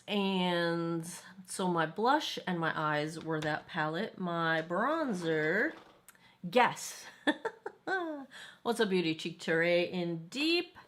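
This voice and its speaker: Chatty woman reviewing makeup. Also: fairly low pitch. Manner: chatty, rambling, quick asides and laughs. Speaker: beauty vlogger. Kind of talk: casual makeup review vlog.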